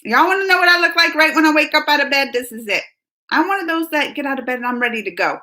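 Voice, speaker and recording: Woman, high voice, chatty live stream, chipper, greets viewers by name. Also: animated, fast talker, pushed and bright. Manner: chipper and chatty, reads viewer names aloud. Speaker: live chat host. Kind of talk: casual live-stream chat. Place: at home, just out of bed.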